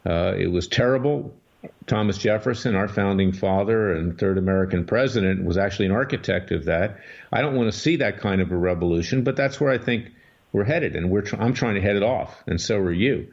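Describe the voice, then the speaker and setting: Lowish-voiced guy hosting talk radio, emphatic and scornful, muffled lo-fi sound. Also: fairly quick. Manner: emphatic, combative, scornful delivery. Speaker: radio talk show host and lawyer. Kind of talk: political talk radio commentary. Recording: dull lo-fi radio audio.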